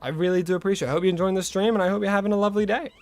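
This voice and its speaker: A man's voice: high-pitched, steady tone, very fast, a little mellow, no echo, faint music behind. A young Australian man chatting casually with his viewers as a game streamer, greeting them and rambling between tips. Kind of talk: casual live-stream chat.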